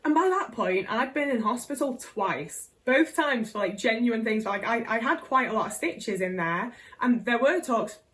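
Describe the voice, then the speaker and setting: A woman's voice: on the high side, expressive, normal speed, hardly any pauses, a bit bright, recorded from a distance, poor audio. A young English woman vlogger telling a personal story to camera, candid and sweary, with lots of "like".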